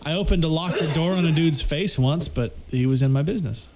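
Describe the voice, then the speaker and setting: A man telling profane school stories in a relaxed podcast chat, acting out what people said. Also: on the high side, brisk, a crowd in the background. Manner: relaxed, profane storyteller, acts out quotes loudly. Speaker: podcast co-host. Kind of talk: casual storytelling chat.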